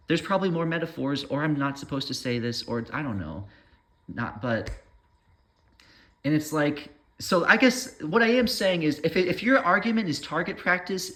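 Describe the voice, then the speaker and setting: A man's voice: a little high, a bit bright. A man rambling through an opinion monologue, trailing off mid-thought and waving his own points away with "never mind.".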